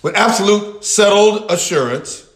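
A man teaching a Bible passage in sermon style, repeating key words with long pauses and talking back and forth with his listeners. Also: sits high, lively intonation, a bit bright, reverberant. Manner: talks with the audience, answers their replies. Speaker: pastor teaching a Bible study.

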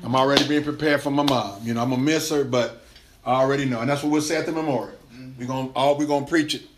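Speaking quickly in a mid-range voice over slight background noise, a male pastor gives a casual, animated sermon, laughing a lot and repeatedly starting his phrases over.

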